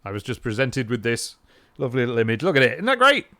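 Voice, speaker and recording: Rambling man with a lively voice. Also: medium pitch, quick pace. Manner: rambling, self-interrupting, chatty. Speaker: game streamer. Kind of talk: casual live-stream chat.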